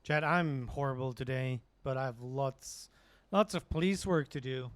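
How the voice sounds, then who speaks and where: A man's voice: mid-range voice, moderate pace, no echo. A man doing in-character police roleplay in a game, talking hesitantly with many filler sounds. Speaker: police sergeant in a roleplay server.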